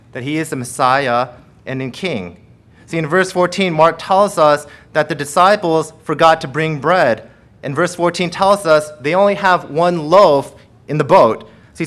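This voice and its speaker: A pastor preaching a sermon with emphatic repetition and rhetorical questions, swinging between forceful passages and hushed prayer. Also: male voice, fairly high pitch. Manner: emphatic preaching, rising loud then dropping to hushed prayer; repeats phrases and asks rhetorical questions.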